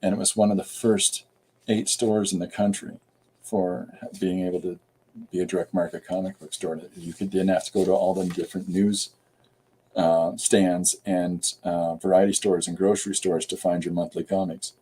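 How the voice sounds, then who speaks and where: Low, mellow-voiced man chatting on a stream. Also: little pitch movement, moderate pace, a little hiss or hum, rough recording. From Canada. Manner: chatty and rambling, with many fillers. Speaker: comic artist and live streamer. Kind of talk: casual live stream chat.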